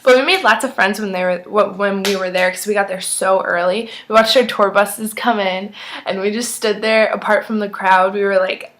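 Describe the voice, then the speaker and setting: A woman of nineteen telling an excited, chatty story, full of "like" and acted-out quotes. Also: medium pitch, moderate pace. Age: young adult. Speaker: vlogger. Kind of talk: casual storytelling.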